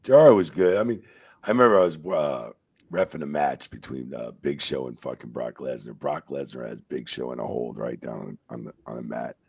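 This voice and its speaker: A man, a former wrestling referee, telling profane, animated stories on a casual podcast and jumping into other people's voices. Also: a bass voice, fairly quick, creaky, husky, dry recording.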